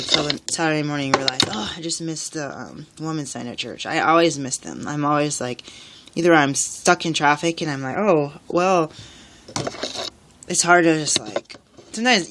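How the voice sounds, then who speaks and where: Tired rambling woman, noisy recording. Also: rumbling low. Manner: rambling, tired, lots of fillers. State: exhausted. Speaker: single parent vlogger. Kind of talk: rambling personal vlog.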